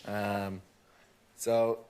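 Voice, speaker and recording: Young male musician, low-key and dry, lowish, noisy background. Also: little pitch movement, very slow. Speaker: band member. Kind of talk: casual interview answers. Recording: heavy background noise.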